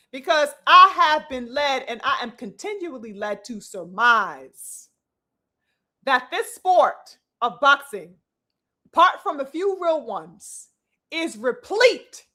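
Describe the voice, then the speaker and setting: A woman's voice: sits high, sharp tone. A woman giving a preachy, profane boxing rant full of rhetorical questions and elaborate words. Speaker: boxing commentator. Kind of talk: ranting commentary.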